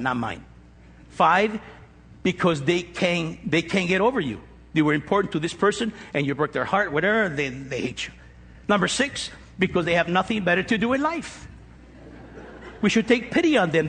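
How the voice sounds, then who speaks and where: A man's voice: high-pitched, fairly bright tone, slightly rough. A middle-aged man with an East Los Angeles accent preaching a sermon, emphatic and joking as he counts through a numbered list. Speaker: pastor. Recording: echoey hall with long reverb.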